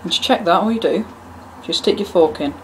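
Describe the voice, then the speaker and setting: A woman's voice: lowish voice, a little fast. A woman hosting a casual cooking demonstration in a home kitchen, chatting along with joking, self-mocking asides. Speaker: cooking video host. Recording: noisy kitchen with clattering pans. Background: cutlery, pots and kitchen ambience.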